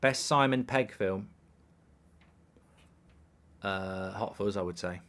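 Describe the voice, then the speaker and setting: A man's voice: lowish voice, slow, fairly bright tone. A man in his thirties hosting a live football watchalong, casually chatting and reading viewer questions aloud in a dry, offhand way. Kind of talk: casual live-stream chat reading comments.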